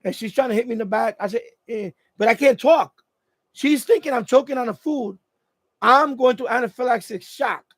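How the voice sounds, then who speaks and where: A man's voice: very high-pitched, a little fast, dry recording. A man hosting a casual live stream from home, telling a story in a rambling way with many restarts. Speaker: radio hobby channel host. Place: at home, indoors.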